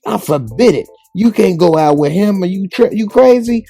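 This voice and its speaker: A man's voice: sits high, animated, moderate pace, creaky, warm tone, no echo, soft background music, voice pushed up, full character voice. A man voicing an indignant young man squawking at his mother. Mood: outraged.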